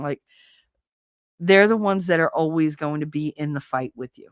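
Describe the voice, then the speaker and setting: A woman's voice: deep voice, moderate pace, pauses often, dry recording, clean studio sound. A woman from New Jersey with a Jersey accent and a slight Southern twang, hosting a podcast as casual, opinionated chat, blunt and profane. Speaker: podcast host.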